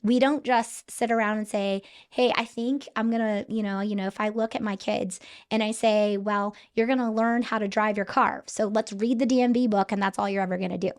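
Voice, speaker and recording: A woman's voice: medium pitch, steady tone, a little fast, few pauses. A middle-aged woman, a school headmaster, explaining her teaching approach earnestly in a podcast interview. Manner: earnest, explanatory, repeats words when restarting.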